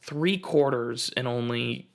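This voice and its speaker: Young American host, gravelly voice, rambling comedic storyteller. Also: male voice, medium pitch, slow pace. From United States. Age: 20s. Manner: rambling storytelling, lots of fillers. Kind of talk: casual comedic rant.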